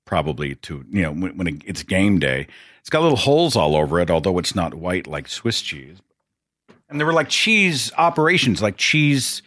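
A man with a deep voice rambles through a casual solo podcast, his pitch swinging up and down as he talks. His delivery is chatty and loose, full of asides. The recording is dry and close, with no room sound. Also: fairly bright tone, no echo. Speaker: podcast host.

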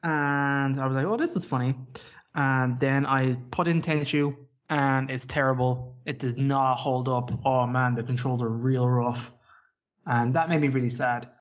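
A man's voice: mid-range voice, level tone, a little slow. A man co-hosting a gaming podcast, rambling along in loose, unscripted chat. He swears freely as he talks. His audio is dull and lo-fi. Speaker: podcast co-host. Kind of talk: casual chat.

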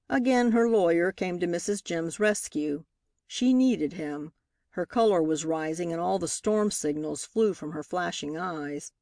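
Studio-quality audio with no room sound captures a woman narrating a novel for an audiobook. Her lowish voice moves through the scripted text in a measured, expressive storytelling way.

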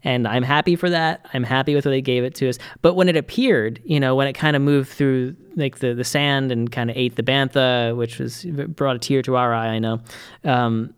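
A man in casual podcast chat as co-host, rambling and animated with quick asides. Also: medium pitch, clear, resonant tone.

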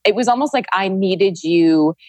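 A woman's voice: mid-range voice, normal speed, a little mellow, dry recording. A young woman guest on a podcast, talking earnestly and reflectively about energy work in casual chat. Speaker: podcast guest, Reiki practitioner.

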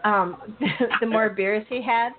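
A woman's voice: on the high side, steady tone, takes it slowly. A woman hosting a casual podcast, asking questions and dropping in lots of small agreements. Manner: asks questions, frequent backchannels. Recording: tinny phone-like audio.

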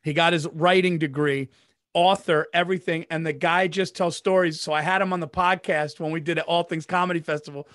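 A man hosting a podcast, telling an excited story in casual chat, saying "dude" and restarting sentences. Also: on the high side, brisk, no room sound, clean studio sound. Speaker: podcast host.

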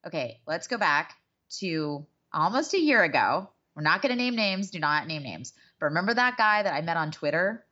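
A woman co-host on a podcast, confessional and outspoken, who swears casually. Her pitch swings widely as she talks. The recording sounds dull and lo-fi. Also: very animated, normal speed, sharp tone. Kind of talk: casual gossip chat.

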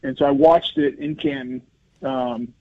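A man in his fifties, a former football lineman, telling personal stories as an interview guest in an earnest, animated way with many restarts. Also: mid-range voice, unhurried, no room sound. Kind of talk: conversational interview storytelling. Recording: dry, phone-like radio line.

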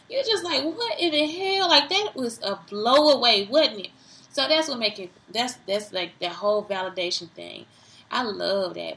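A woman's voice: medium pitch, creaky, a bit bright, slight background noise, poor audio. A woman vlogging, giving casual self-help talk straight to her viewers, rambling and repeating herself.

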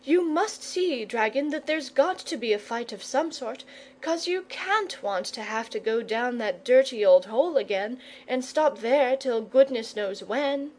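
A woman's voice: fairly high pitch, expressive. A woman voicing an eager, bossy young boy in a storybook reading. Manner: brisk and impatient.

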